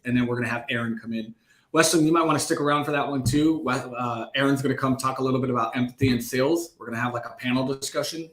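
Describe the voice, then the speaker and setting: A man hosts a live online sales session in a relaxed, upbeat way. His talk is loose and full of fillers, and his voice rings with a roomy echo. His pitch sits in a middling range. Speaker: host.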